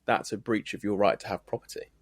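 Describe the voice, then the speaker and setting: A man's voice: fairly low pitch, steady tone, fast, slight background noise. A man co-hosting a podcast, talking through ideas thoughtfully and building his points with examples. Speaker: podcast co-host. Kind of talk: reflective podcast conversation.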